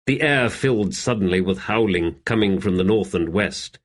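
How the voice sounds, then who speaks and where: A man narrating a fantasy audiobook in a steady, measured reading. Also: on the low side. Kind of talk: scripted narration.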